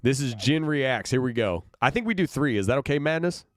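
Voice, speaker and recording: A man's voice: mid-range voice, expressive, fairly quick, no echo, clean studio sound. A man from Brooklyn, a band musician, chatting casually with viewers on a livestream, laughing often. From Brooklyn, New York. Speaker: band musician streaming reactions.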